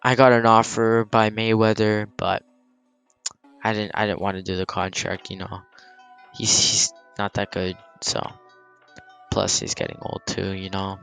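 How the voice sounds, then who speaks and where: A man's voice: lowish voice, monotone, unhurried, creaky, fairly bright tone, clear, resonant tone, faint music behind, low-quality recording. A man, a gaming YouTuber, casually telling a story-time vlog, rambling with lots of fillers and some swearing.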